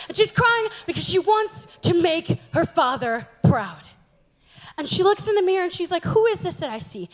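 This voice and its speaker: Speaking at a moderate pace in a very high, sing-song voice, a young woman gives a humorous church talk as a youth speaker. She tells stories about herself in a chatty, self-mocking way.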